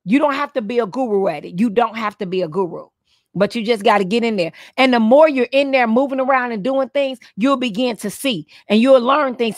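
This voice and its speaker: A woman with a raised, lively pitch speaks to teachers on a live stream. She sounds preachy and playful, leaning on punchy repeated lines. Her voice is dry and close to the mic. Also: no echo.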